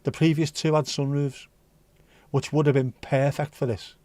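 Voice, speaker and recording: A man's voice: on the high side, level tone, moderate pace, dark tone, no echo. A man from North West England, hosting a casual livestream and bantering with chat comments. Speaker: livestream host.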